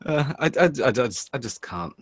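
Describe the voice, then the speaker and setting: A man chatting casually on a podcast, his pitch rising and falling a lot. He jokes around and laughs often, with hesitant pauses. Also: lively intonation, slightly rough. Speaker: podcast co-host. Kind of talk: casual banter.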